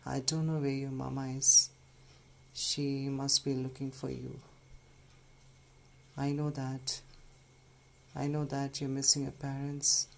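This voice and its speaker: A man, a bird rescuer, speaking softly and soothingly to an injured baby bird while explaining its care. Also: medium pitch, vocal fry. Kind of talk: casual vlog narration. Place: at home, indoors. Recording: noisy home recording.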